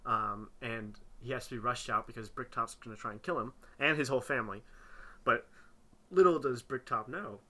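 A man talks through a film on a podcast in a loose, chatty way, leaning on "like" as a filler. His voice is very bright and cutting, and he grows animated when something in the plot bugs him. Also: medium pitch, moderate pace. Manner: chatty, uses "like" a lot, animated when critiquing. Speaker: podcast co-host. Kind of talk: casual film discussion.

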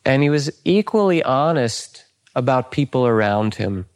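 A man's voice: mid-range voice, lively intonation, normal speed. An older man, a meditation teacher, telling anecdotes in a dharma talk, often chuckling and saying "you know".

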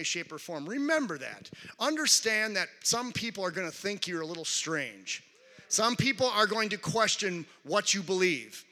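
A pastor's voice sits high, pushed and bright, trailed by a long reverb in a large church hall. He preaches conversationally to his congregation, frequently restarting and calling out to the crowd.

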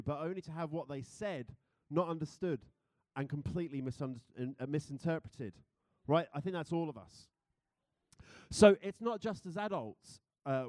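A man's voice: fairly high pitch, dark tone, no room sound, studio quality. Playful British man preaching. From Britain. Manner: playful, chatty, laughing easily. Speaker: pastor. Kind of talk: sermon with a group game.

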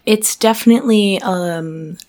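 A woman's voice: medium pitch, a little slow, darkish tone. A woman co-hosting a podcast, telling a story in a loose, laid-back way with lots of fillers. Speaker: podcast co-host. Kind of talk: casual chat.

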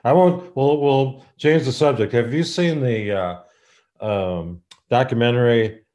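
A man's voice: medium pitch, a little slow, darkish tone. A man hosting a podcast, asking questions and telling baseball anecdotes in a chatty, laughing way. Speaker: podcast host. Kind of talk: casual podcast interview.

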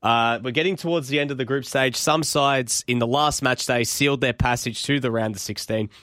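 Guy hosting a footy podcast, chatty and upbeat, dry close mic, mid pitch. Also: a little fast, a bit bright, dry recording. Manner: upbeat, rambling with fillers. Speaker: podcast host. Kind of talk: casual football chat. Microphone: podcast microphone.

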